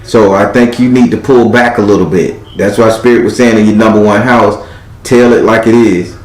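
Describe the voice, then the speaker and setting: A man's voice: on the low side, fairly quick. Blunt, profane man reading tarot, echoey. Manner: blunt, profane, animated, acts out quoted lines. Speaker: tarot card reader. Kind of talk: live-stream tarot reading, blunt advice.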